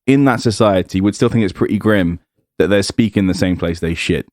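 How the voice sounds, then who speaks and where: A young man co-hosting a podcast, giggling and reasoning through silly ideas out loud. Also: fairly low pitch, a little fast, no echo, clean studio sound. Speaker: podcast co-host. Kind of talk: crude comedic banter.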